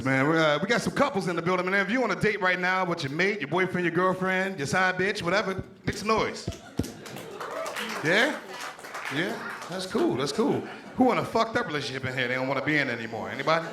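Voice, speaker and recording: A stand-up comic from Pittsburgh riffs loosely and profanely, talking straight to the crowd in a slightly raised voice. The sound is roomy and echoey, with a small club audience clearly heard around him. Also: male voice, on the high side. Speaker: stand-up comedian. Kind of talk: stand-up comedy set. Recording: echoey room with crowd noise.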